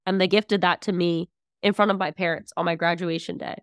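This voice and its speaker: Husky-voiced young woman telling stories. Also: fairly low pitch, a little fast, dry recording, studio quality. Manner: outspoken, animated storytelling with many fillers. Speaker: podcast guest. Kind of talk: casual conversation.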